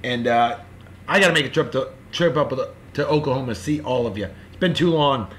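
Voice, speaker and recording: A man hosting a casual show, giving boisterous, jokey birthday shout-outs in a folksy way. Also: mid-range voice, brisk, slight background noise. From California. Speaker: show host.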